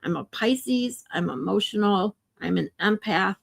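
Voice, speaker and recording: A woman's voice: medium pitch, unhurried, creaky. A woman hosting a casual livestream, talking to viewers in an emotional, chatty way with a lot of swearing. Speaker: livestream host.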